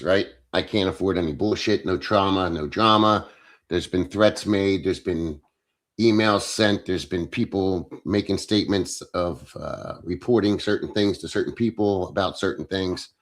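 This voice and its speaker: Blunt, profane man streaming. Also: deep voice. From Philadelphia, USA. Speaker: livestream host. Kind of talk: casual livestream chat reading comments.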